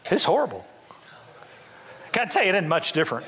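An older man in his sixties preaches in a church, his voice high and bright with big swings in pitch. He talks in bursts, restarting his sentences as he builds. A long reverb from the hall trails each phrase. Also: brisk, long pauses. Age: 60s. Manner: animated preaching with repeated restarts. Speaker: pastor. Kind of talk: sermon. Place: church sanctuary.

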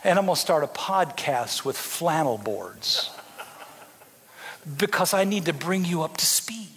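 A man's voice: a little high, very animated, measured pace, a bit bright, in a large hall, slight background noise. A man, a bishop, preaching a sermon in a folksy, dramatic storytelling way with joking asides to his congregation.

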